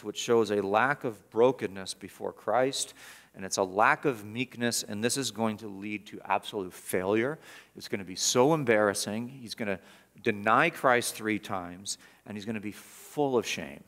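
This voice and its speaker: A male pastor preaching a sermon in church, emphatic and repetitive, swinging from loud urgency to quiet gravity. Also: fairly low pitch, normal speed. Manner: emphatic, repeats words for stress.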